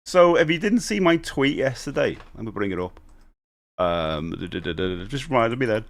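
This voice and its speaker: A chatty man hosting a live stream. His talk rambles loosely with restarts and asides as he reads viewer messages aloud. His voice sits at an ordinary middle pitch. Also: lively intonation, moderate pace. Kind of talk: casual live-stream chat.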